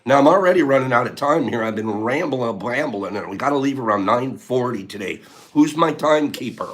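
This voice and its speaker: A man's voice: mid-range voice, expressive, fairly quick. A man hosting a casual livestream, rambling and teasing as he reads viewer comments, laughing often. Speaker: livestream host.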